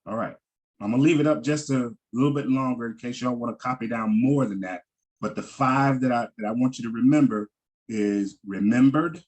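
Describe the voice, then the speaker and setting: A man's voice: medium pitch, moderate pace, darkish tone. A man teaching a Hebrew vocabulary lesson, patiently repeating each word with frequent ums and restarts.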